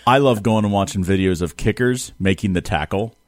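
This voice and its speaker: A man's voice: on the low side, fairly quick, darkish tone, no room sound. A man co-hosting a morning radio show, bantering playfully and laughing often. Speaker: radio co-host.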